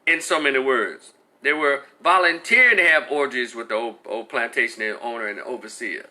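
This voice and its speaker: Brief: exasperated male commentator, blunt and profane, sharp and bright sound. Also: medium pitch, normal speed. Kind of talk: heated opinion rant.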